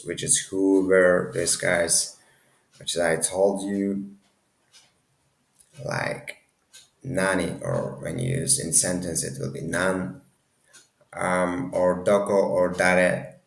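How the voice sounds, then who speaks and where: Slow, gravelly low-voiced male teacher. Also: roomy sound. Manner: halting, many restarts and self-corrections. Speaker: language teacher. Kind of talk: casual language lesson.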